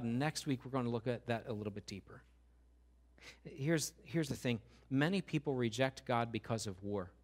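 Male pastor, mid-range voice, preaching with emphasis, repeats lines and asks the congregation questions. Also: mid-range voice. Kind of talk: sermon.

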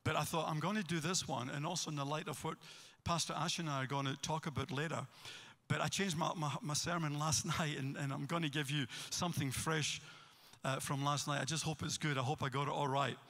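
A man with a Scottish accent, a pastor preaching a sermon and telling stories with animated energy. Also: a little high, fairly quick. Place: church hall. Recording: long hall reverb.

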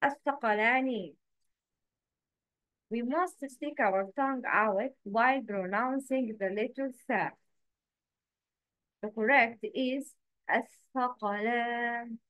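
A woman teaching letter pronunciation in a slow, patient lesson, repeating each word for the learner to echo. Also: on the high side, fairly bright tone.

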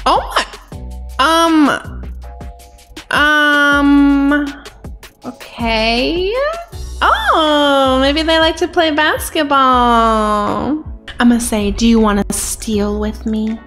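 Woman, high voice, unhurried, excitable and giggly, playful gameplay commentary. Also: faint music behind. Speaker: gaming video creator.

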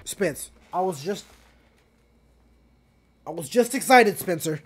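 A high-pitched man reacts to a basketball game as it happens. He calls out to players by name, cheers big plays and grumbles about poor defense, often with profanity. His voice is light and sits high for a man. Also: slow pace, pauses often, slightly rough. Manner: loud, excitable, shouting at players, profane. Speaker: sports reaction host. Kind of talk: live game reaction commentary.

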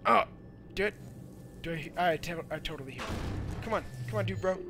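A young man giving loud, goofy commentary while playing a video game, with sudden shouted outbursts. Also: high voice, expressive, fairly quick, noisy background. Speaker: let's play gamer. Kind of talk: energetic gameplay commentary.

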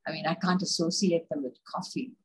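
An older woman with an Indian accent, a coffee expert telling lively stories in an interview. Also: deep voice, fairly quick, a little hiss or hum, rough recording. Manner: lively anecdotal, acts out dialogue. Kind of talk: conversational interview storytelling.

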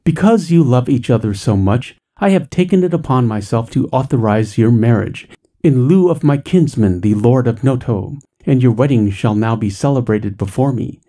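A man's voice: medium pitch, lively intonation, normal speed, dark tone, close to an everyday voice. A man voicing a kindly older male feudal lord who speaks with stately grace. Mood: gracious.

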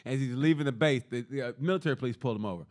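A man with a voice of middle pitch, co-hosting a comedy podcast. He tells his anecdotes casually and plays out each person's part as quoted dialogue. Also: rapid-fire, a little mellow. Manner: acts out both sides of a story in quoted dialogue. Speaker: podcast co-host.

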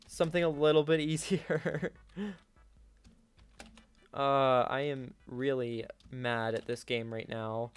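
A young man giving live gameplay commentary, swinging between yelling in frustration and quiet muttering to himself. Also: on the high side, clear, resonant tone, no echo. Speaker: gaming YouTuber.

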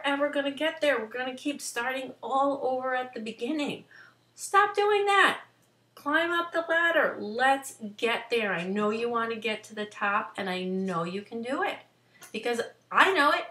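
A woman's voice: fairly high pitch, pushed and bright, distant mic. A woman hosting a wellness vlog, giving an emphatic, coaching talk straight to her viewers. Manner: emphatic, coaching, direct address. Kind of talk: motivational talk to camera. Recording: echoey room.

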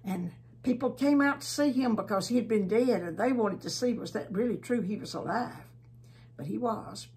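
A woman Sunday school teacher telling a Bible story to young children in a gentle storytelling manner, often dropping to a soft hush. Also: on the high side, moderate pace.

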